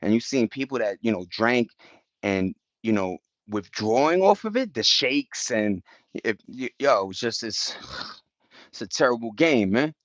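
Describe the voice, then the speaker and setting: A middle-aged man, telling stories in casual chat, slangy and animated, jumping into high-pitched impressions. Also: unhurried, no room sound, dull audio. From New York.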